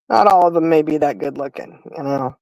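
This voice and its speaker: A middle-aged woman hosts a casual livestream chat. She tells stories in a chatty way with frequent laughter. Her voice sits a little low, and it is recorded close and dry, with no room sound. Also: fairly quick, dark tone, dry recording, poor audio. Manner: chatty storyteller, laughing, addresses chat as y'all. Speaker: livestream host.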